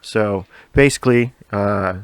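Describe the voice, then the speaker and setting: A man's voice: on the low side, slow pace, clear, resonant tone, no room sound. A man co-hosting a podcast, telling a long story in a loose, rambling way, swearing often and laughing along. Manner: profane, rambling, laughs a lot. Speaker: podcast co-host. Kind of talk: casual storytelling chat.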